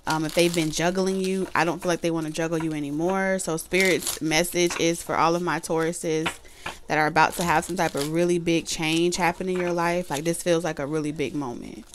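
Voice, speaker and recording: A woman gives a casual tarot reading, loose, repetitive and packed with fillers, and mentions that she is losing her voice. Her voice sits low with fairly even intonation and a fairly quick pace, and there's a little hiss or hum.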